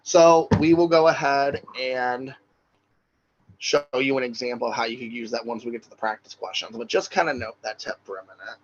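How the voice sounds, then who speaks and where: A man of middling pitch leads a recorded online class in a loose, chatty way, checking in with his listeners as he goes. The sound is a bit dull and lo-fi, like a computer mic on a video call. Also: moderate pace. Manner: casual, chatty teaching with frequent "right?" and "like". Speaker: social work exam instructor.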